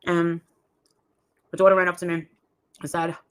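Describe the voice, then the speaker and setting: A woman's voice: fairly low pitch, level tone, normal speed, smooth. Rambling woman telling a story. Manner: rambling, acts out quoted voices. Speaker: livestream host telling a story. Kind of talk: casual storytelling.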